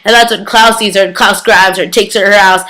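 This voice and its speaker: A woman's voice: mid-range voice, fairly even intonation, quick pace, bright, forceful tone. A young adult woman casually recapping a TV episode in a chatty, eager way, full of filler words. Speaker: TV episode reviewer.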